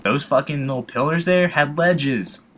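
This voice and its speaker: A man's voice: fairly high pitch, a little slow, a bit bright. A young man commenting casually on a video game he plays, emotional, rambling and swearing often, mocking himself. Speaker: let's play gamer.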